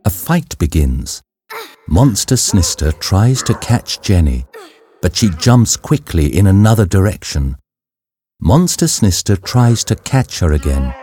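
A man reading a simple story aloud as a narrator, slow and clear. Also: fairly low pitch, warm tone, slight background noise. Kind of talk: scripted narration of a graded reader.

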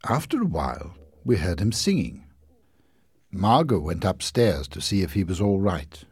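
A man reads a story aloud with a husky, slightly low voice. His pitch rises and falls very freely as he tells it. The sound is dry and close. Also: moderate pace, dry recording. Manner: expressive, lively storytelling. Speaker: narrator. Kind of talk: storybook reading.

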